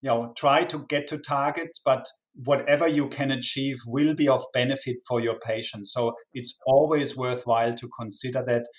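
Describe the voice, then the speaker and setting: A man's voice: medium pitch, steady tone, moderate pace, few pauses. A man giving expert answers in a podcast interview, earnest and often repeating words as he starts a phrase. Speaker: medical expert guest.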